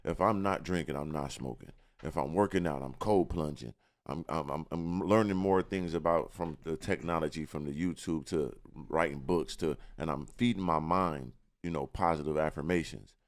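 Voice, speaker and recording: A man's voice: very deep voice, moderate pace. A man in a casual podcast interview, talking about himself with confidence and often repeating words as he searches for the next one. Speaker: guest.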